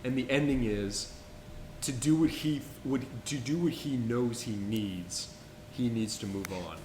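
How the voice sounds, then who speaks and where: A young man co-hosting a casual podcast, talking about films in an eager, rambling way. His voice sits at an ordinary pitch and rings a little in an echoey room, with a faint hum underneath. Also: a little slow, darkish tone. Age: young adult. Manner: enthusiastic, rambling with restarts. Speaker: podcast co-host. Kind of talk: casual film-review chat.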